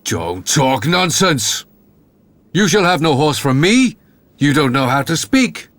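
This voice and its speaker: A man's voice: fairly high pitch, big pitch swings, takes it slowly, fairly bright tone, no echo, full character voice. A man doing a stern, curt older father. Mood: scolding. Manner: curt, scolding.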